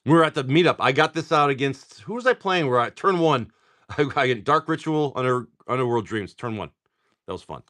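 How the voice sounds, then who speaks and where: A man's voice: mid-range voice, animated, fairly bright tone. A young man casually chatting and joking on a live stream as he opens card packs and reads out the names of the cards. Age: young adult. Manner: jokey, rambling, reads card names aloud in quick lists.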